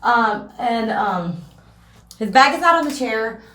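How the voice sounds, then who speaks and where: A young woman rambles through a personal story, full of fillers and restarts in a casual vlog. Her voice sits a little higher than most, and the room around her rings with echo. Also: expressive, slow pace, a bit bright. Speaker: vlogger. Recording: echoey room.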